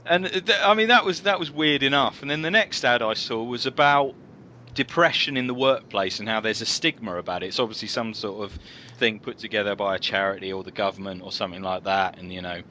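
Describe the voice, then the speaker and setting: Bright-voiced man telling rambling stories. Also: lowish voice, fairly quick, dull audio, a little hiss or hum. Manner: rambling anecdotes, frequent fillers and restarts. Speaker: podcast co-host. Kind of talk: casual comedic chat.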